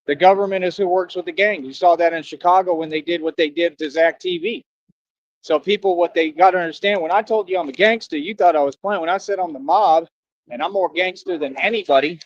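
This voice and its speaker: Emphatic slangy man with a high voice. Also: no echo, lo-fi sound. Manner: emphatic, slangy, repeats himself for stress. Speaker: livestreamer. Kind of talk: casual livestream monologue. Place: outdoors near a road with passing traffic.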